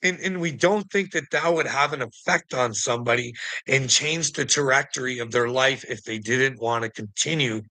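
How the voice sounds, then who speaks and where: A man's voice: medium pitch, sharp tone, no echo, poor audio. A man in an angry, profane commentary rant, firing off rhetorical questions and mocking taunts. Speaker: vlogger.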